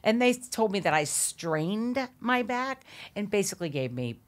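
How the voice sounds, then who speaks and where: A middle-aged woman telling an animated story as a podcast guest, laughing often, swearing and acting out quotes. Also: medium pitch, a little slow.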